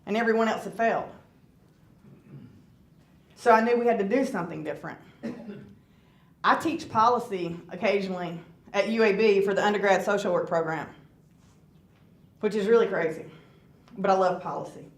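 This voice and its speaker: A woman's voice: medium pitch, moderate pace, long pauses. Earnest woman giving testimony in a church. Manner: earnest, conversational, asks the audience questions. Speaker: guest speaker. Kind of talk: personal testimony talk. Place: church hall. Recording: roomy church hall.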